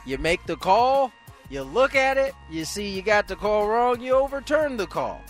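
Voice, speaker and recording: Halting, then emphatic sports panelist man. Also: high voice, very animated, soft background music. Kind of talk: sports debate show.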